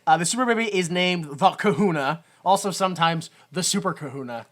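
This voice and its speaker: A woman's voice: on the low side, brisk. A woman co-hosting a comedic movie-review podcast, talking casually with plenty of swearing and exaggerated acted-out quotes. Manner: animated, profane, acts out quoted lines in exaggerated voices. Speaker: podcast co-host.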